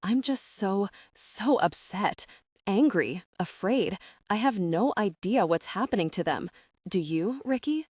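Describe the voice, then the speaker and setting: A woman's voice: mid-range voice, animated, measured pace, a little mellow, dry recording, clean studio sound. A woman narrator voicing an angry, frightened young woman who hisses her words in agitation. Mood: furious, afraid. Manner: hissing, agitated.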